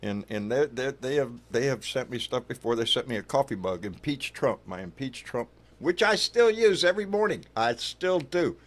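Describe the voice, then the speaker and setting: A man's voice: medium pitch, lively intonation, normal speed, hardly any pauses. Loose-talking man hosting a livestream. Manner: loose and profane, calls viewers baby. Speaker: livestream host. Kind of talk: casual livestream chat.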